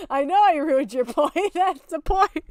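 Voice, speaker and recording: A woman's voice: high-pitched, no echo, studio quality. A woman streaming and chatting casually, with a goofy, cartoonish voice, laughing often and swearing freely.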